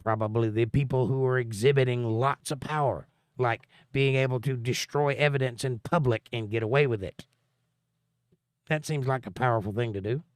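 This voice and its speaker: A man's voice: medium pitch, fairly even intonation, moderate pace, clean tone, no room sound. A man hosting a livestream, reading viewer comments aloud and answering them with dry, sarcastic jokes. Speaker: livestream host.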